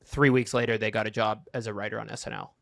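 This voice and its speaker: A man's voice: lowish voice, level tone, fast talker, creaky, fairly bright tone, no echo, studio quality. A man co-hosting a casual comedy podcast, telling a laid-back anecdote. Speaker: podcast co-host.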